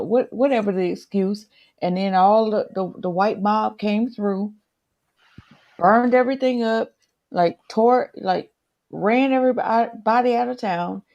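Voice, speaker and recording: A woman guest in a casual discussion, earnestly explaining things with halting restarts. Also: medium pitch, gravelly, dark tone, muffled recording.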